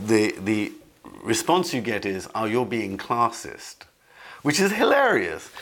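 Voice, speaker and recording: A man giving conversational commentary as an interview guest, halting with frequent restarts and repeated words. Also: mid-range voice, fairly bright tone.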